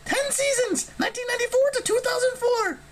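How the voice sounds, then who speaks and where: A shrill, frantic young harpy girl. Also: slight background noise. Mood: rambling. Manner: blurts rapid disjointed exclamations, stutters. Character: erratic twitchy young female harpy.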